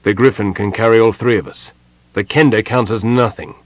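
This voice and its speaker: Man voicing a crisp, stern old mage. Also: on the low side, fairly even intonation, a little fast, no echo, close to an everyday voice. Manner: crisp, clipped, commanding. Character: bitter, proud older male mage, stern and curt.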